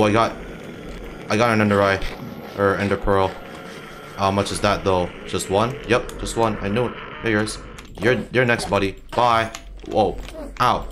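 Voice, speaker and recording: Brief: young male gamer, lowish voice, loose foul-mouthed running commentary, faint game noise under it. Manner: frustrated, swears a lot, yelps at hits. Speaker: gaming channel host. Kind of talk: casual gameplay commentary.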